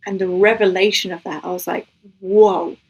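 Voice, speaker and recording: A woman's voice: on the low side, little pitch movement, fast, breathy edge, muffled recording. A woman giving a personal faith testimony as a guest, telling her story in an earnest, emotional way and acting out what was said.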